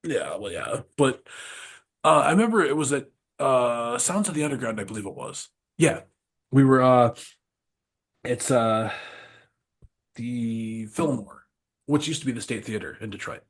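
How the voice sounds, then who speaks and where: A man on a podcast telling rambling, animated road stories, laughing often and swearing freely. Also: mid-range voice, measured pace, pauses often, husky. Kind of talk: casual storytelling chat.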